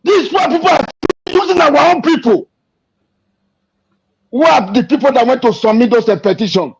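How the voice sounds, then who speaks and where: A man giving an emotional, impassioned political rant, repeating himself and shouting in anger. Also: very high voice, normal speed, breathy edge. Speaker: activist speaking to an interviewer. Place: abroad. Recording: dull lo-fi recording.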